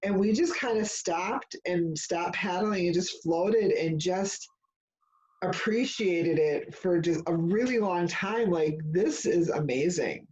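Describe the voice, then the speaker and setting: A woman in casual spiritual chat, leading the discussion and telling stories in a rambling, animated way, full of fillers and restarts. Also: lowish voice, slow pace, highs cut off. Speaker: discussion leader.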